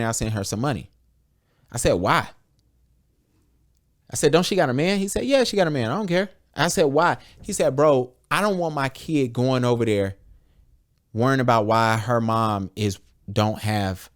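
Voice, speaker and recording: A young adult American man hosting a podcast, talking candidly and bluntly with lots of swearing, acting out conversations in quotes. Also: medium pitch. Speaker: podcast host. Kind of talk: candid casual podcast talk.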